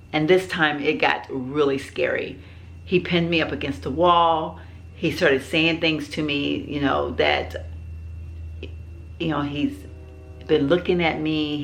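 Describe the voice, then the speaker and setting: A woman's voice: low-pitched, a bit bright. A middle-aged woman vlogger telling a personal story in a rambling way, with many fillers and restarts.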